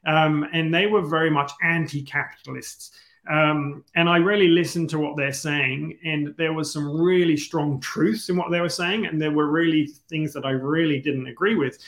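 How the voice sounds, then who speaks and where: An earnest man from the UK talks as a guest in a somewhat higher voice, feeling his way through ideas. He restarts phrases as he goes. The room around him rings with echo. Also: fairly even intonation, moderate pace, a bit bright. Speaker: guest, entrepreneur. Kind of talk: reflective interview talk.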